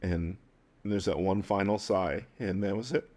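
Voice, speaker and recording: A man with a fairly low voice speaks haltingly as he tells a personal story. He is close to tears and his words keep breaking off and starting again. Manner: tearful, halting, with soft laughs. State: crying at times. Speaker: guest.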